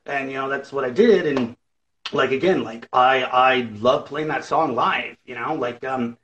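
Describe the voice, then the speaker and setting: A man's voice: mid-range voice, measured pace, fairly bright tone, dull audio, a little hiss or hum. A man, a musician guest, chatting casually in an interview and rambling with lots of fillers and acted-out quotes.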